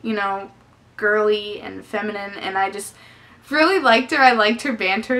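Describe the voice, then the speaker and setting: A woman's voice: medium pitch, pushed and bright. A young woman chatting casually on a book vlog, effusive and talkative, full of fillers. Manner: chatty and effusive, lots of "definitely" and "like". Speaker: book vlogger.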